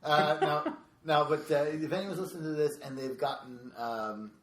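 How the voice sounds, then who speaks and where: A man's voice: on the high side, fairly even intonation, moderate pace. A man, a stand-up comedian, chatting casually on a podcast in a rambling way full of fillers. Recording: echoey room with faint noise.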